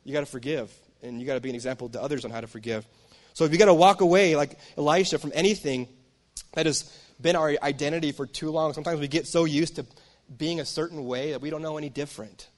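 A man's voice: on the high side, fast talker. A man preaching a sermon in a conversational, storytelling way, often turning to the audience with asides. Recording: long reverb of a large hall.

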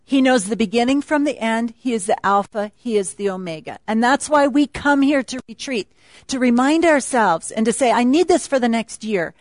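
A woman's voice: fairly high pitch, moderate pace, no echo. A woman speaking at a retreat, teaching a Bible passage in a chatty, laughing sermon style.

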